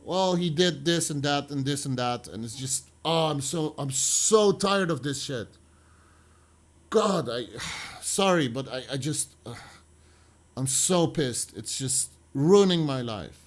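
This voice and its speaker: A man's voice: on the high side, normal speed, few pauses, close to an everyday voice. A man doing a fed-up, venting woman. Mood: exasperated. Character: exasperated fed-up divorced woman.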